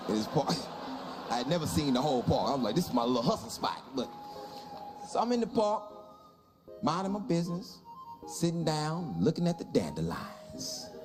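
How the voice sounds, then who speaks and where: A man performing stand-up comedy, telling a story and acting out the people in it in exaggerated voices. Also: fairly high pitch. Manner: animated, acts out dialogue in exaggerated voices.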